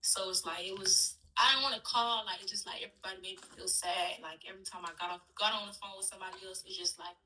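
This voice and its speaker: A woman's voice: medium pitch, fairly even intonation, fast talker, hardly any pauses, pushed and bright. A woman being interviewed on a live stream, talking in a distressed, pleading, repetitive way. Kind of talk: emotional live-stream talk. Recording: distant mic with noise.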